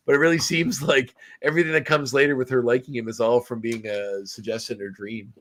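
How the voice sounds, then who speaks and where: A man's voice: medium pitch, fairly even intonation, fairly quick, fairly bright tone. A man hosting a podcast, casually recapping a film with many fillers and restarts. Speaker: podcast host. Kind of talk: casual movie review chat.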